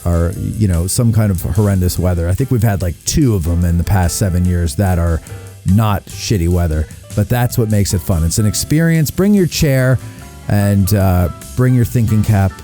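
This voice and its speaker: A male host talks in loose, joking chat, his voice mellow and warm. He leans on fillers as he goes. A faint guitar plays behind him. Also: sits low. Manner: joking, chatty, many fillers. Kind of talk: casual live show chat.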